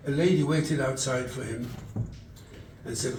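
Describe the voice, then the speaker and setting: Distant rabbi preaching in echoey hall. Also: male voice, medium pitch, a little slow, noisy background. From England. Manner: storytelling, quotes scripture and acts out dialogue. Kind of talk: sermon at a charity event. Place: event hall. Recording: echoey room, distant mic.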